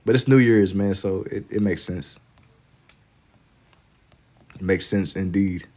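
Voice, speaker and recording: Young man from Kentucky, slightly low voice, laid-back slangy livestream chatter while drawing. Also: slow pace, mellow. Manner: laid-back and slangy, reading chat aloud. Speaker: livestreaming artist.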